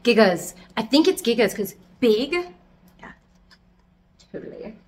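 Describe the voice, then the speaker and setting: A young adult woman casually chatting through a tour of her houseplants at home, rambling and self-deprecating, talking loudly. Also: on the high side, expressive, unhurried. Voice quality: loud, yelling from audio trouble. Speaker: plant collector vlogger. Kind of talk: casual plant tour chat.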